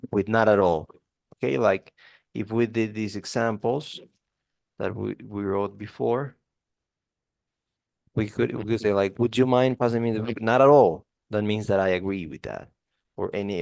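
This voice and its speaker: A man's voice: fairly low pitch, creaky, darkish tone, no echo. A man teaching English one to one, explaining grammar casually with many fillers and spoken examples.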